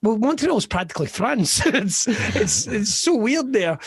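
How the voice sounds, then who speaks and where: Animated Scottish man telling stories. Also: sits high, unhurried, breathy edge, no room sound. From West Scotland. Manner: animated storyteller who slips into character voices and laughs often. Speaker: comedian guest. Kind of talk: casual podcast chat.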